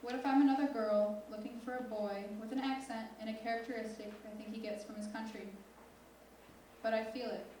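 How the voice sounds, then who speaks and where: A teenage girl reading her own spoken word poem slowly and intensely as a student poet on stage. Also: fairly high pitch, little pitch movement, dark tone, slight background noise. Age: teens. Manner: slow, deliberate, intense recitation. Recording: echoey hall from far off.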